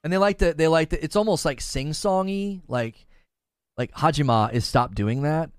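Clean studio sound and a dry recording carry this streamer's slightly high, animated, smooth voice at normal speed. He hosts casually, reading chat out loud and laughing often.

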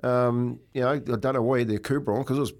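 A man's voice: mid-range voice, steady tone, racing, a little mellow. A New Zealand man chatting casually on radio, telling a long story with lots of fillers and restarts. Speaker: racehorse owner and regular.

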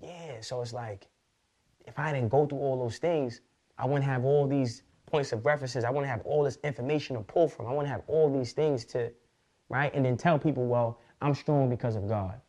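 A man speaking as a podcast guest, his words rushing out in quick, loose street slang laced with swearing. His pitch sits in an ordinary middle range. He tells his story candidly and unguarded. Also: a little mellow. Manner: fast, slangy, profane street talk.

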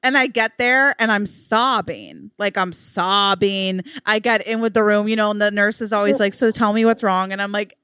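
A woman co-hosting a podcast in casual chat, telling stories animatedly and acting out quotes in a high squeal. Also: normal speed, hardly any pauses, pushed and bright, clean tone, no room sound, studio quality. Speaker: podcast co-host.

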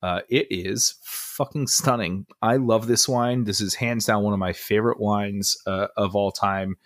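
Young male podcast co-host, low voice, rambling and excited, casual chat. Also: measured pace. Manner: enthusiastic, rambling with many fillers.

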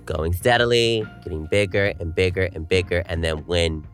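Low-voiced young man telling stories. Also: normal speed, soft background music. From North Carolina. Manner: candid, storytelling with acted-out quotes. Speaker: podcast co-host. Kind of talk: casual chat.

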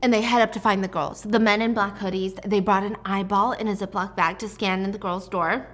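A woman's voice: medium pitch, steady tone, brisk. A woman casually recapping a film's plot in a chatty, dramatic way, with casual swearing. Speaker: movie recap vlogger.

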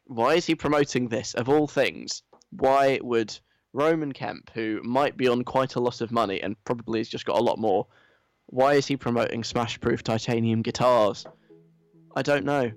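A man giving a sarcastic, conversational commentary in a dry, mocking manner. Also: mid-range voice. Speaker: commentary host.

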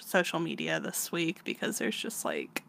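A woman in casual conversation, relaxed and chatty, with many fillers. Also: low-pitched, moderate pace, creaky, slight background noise. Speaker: podcast co-host. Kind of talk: casual chat about manga.

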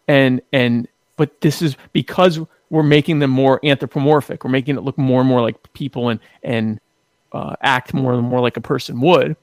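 A man's voice: mid-range voice, moderate pace, no echo, clean studio sound. A man on a casual podcast, talking in an opinionated, emphatic way and often repeating words as he starts a point.

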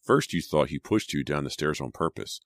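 A man's voice: rumbling low, expressive, moderate pace, no echo, studio quality. A man voicing a sensible, anxious teenage girl in an audiobook, raising his voice into an urgent girlish tone. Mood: arguing.

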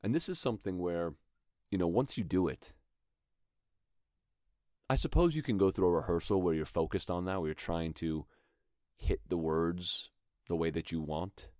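A man with a very low, deep voice talks through acting technique in a relaxed, thoughtful way. He sounds like a podcast host teaching his listeners, and now and then he reads a line aloud as an example. The sound is dry and close, with no room around it. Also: normal speed, pauses often, no echo. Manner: thoughtful, conversational, demonstrates lines aloud. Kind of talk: instructional talk.

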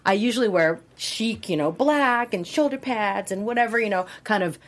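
A woman's voice: mid-range voice, lively intonation, normal speed. A woman from Hawaii, an actress, chatting candidly and expressively in an interview. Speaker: actress guest. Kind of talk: casual interview conversation.

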